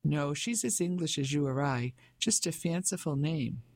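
A pompous businessman in his fifties who blusters and talks down to his wife, voiced by a man reading the audiobook. His voice is a touch high with a gravelly fry. The sound is dry and close. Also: expressive, moderate pace, darkish tone, no room sound. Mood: patronizing. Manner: blustering, patronizing. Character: pompous fifty-five-year-old English businessman husband. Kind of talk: audiobook character voice.

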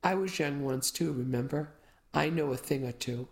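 A woman voicing a wise, doting Italian grandmother who talks in a measured, gently firm way, in a storybook reading. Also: low voice.

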